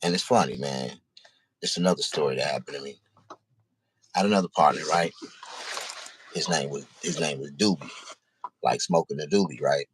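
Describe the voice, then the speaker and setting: A man telling a personal story in casual, profane speech, halting and repeating himself. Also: rumbling low, breathy edge, no echo.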